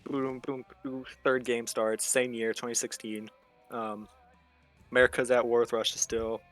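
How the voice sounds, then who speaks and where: A young man rambles through a comic recap in a loose, slangy way, his pitch staying fairly flat and even. Soft guitar music plays faintly behind him. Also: moderate pace. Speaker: host explaining game lore. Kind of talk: casual comedic recap.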